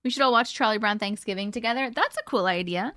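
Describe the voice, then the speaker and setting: On a dry recording, a sleepy woman in her early thirties from Colorado hosts a casual stream, yawning between giggles as she chats and reads viewers' comments aloud. She talks fast in a somewhat high, slightly bright voice.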